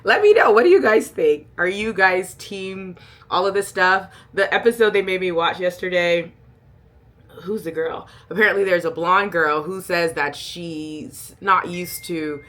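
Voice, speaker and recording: Woman, middle-aged, vlogger, casual chat, lowish voice, bright forceful tone, animated, emphatic, laughs a lot. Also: measured pace. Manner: animated and emphatic, breaking into laughter and loud exclamations. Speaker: lifestyle vlogger.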